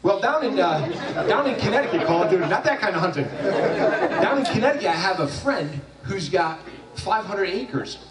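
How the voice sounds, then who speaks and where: A man's voice: sits high, big pitch swings, normal speed, over a noisy crowd. A man giving a graduation speech, telling a funny story in a loose, jokey way with frequent restarts. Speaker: graduation speaker. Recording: echoey hall from far off.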